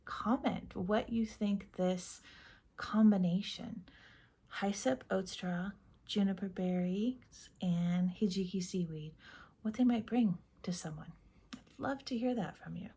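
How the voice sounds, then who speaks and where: Slow, breathy, soft-spoken woman tarot reader. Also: medium pitch. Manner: gentle and meandering, drifting into half-whispers.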